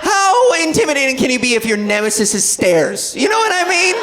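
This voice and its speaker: A woman's voice: high-pitched, sing-song, brisk, few pauses. A woman in her thirties performing a stand-up comedy set on a club stage, telling rambling, playful stories. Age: 30s. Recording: noisy club with laughing crowd.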